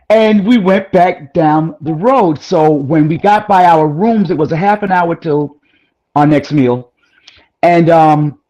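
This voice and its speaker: A woman guest in a casual chat, telling a personal story in an animated, rambling way with frequent exclamations. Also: fairly low pitch, lo-fi sound.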